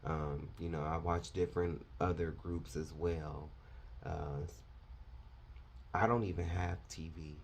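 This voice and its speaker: A man's voice: extremely low pitch, steady tone, slow, creaky, a little hiss or hum. A man preaching a confrontational, fiery sermon, lecturing his listeners.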